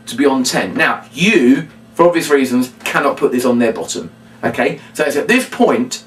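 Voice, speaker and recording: A middle-aged man teaching a children's magic routine, animated and acting out his patter lines. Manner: animated, jumps into a high shouty kids'-show voice for demo lines. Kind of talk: instructional talk with acted-out patter. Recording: echoey room, mic at a distance.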